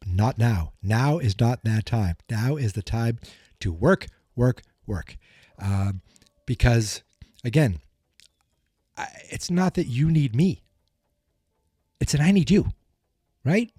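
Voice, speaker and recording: A man's voice: medium pitch, warm tone, dry recording, clean studio sound. A man hosting a podcast, recapping in a chatty, rambling, self-joking way, with a scratchy morning voice. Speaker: podcast host. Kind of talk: casual recap monologue.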